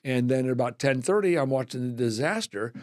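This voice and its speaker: A middle-aged man, a weatherman guest on a podcast, telling animated anecdotes and acting out quoted voices. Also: medium pitch, brisk, no echo, clean studio sound. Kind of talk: casual storytelling.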